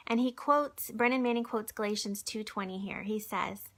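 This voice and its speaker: A woman of ordinary pitch gives a gentle devotional talk for a church video. She reads aloud from a book in a relaxed, chatty way, with many fillers and restarts. Now and then her voice sinks to a hushed whisper. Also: moderate pace, hardly any pauses. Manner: drops to a soft whisper at times. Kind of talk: informal devotional book reading. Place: recorded video message.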